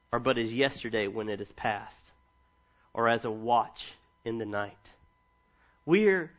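Heard through muffled audio, a medium-pitched male pastor in his thirties preaches. He reads scripture and tells comic stories about his family with animated humor.

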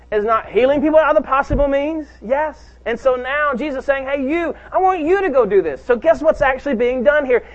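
Male preacher, high-pitched, emphatic delivery to his church, lo-fi muffled recording. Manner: emphatic, calls out to the congregation. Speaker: pastor. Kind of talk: sermon.

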